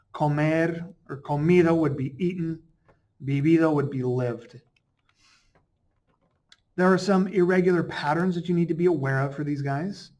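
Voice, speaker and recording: A man teaching a Spanish grammar lesson in a relaxed, chatty way, slowing down to pronounce example words. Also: fairly high pitch. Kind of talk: casual explanatory lesson.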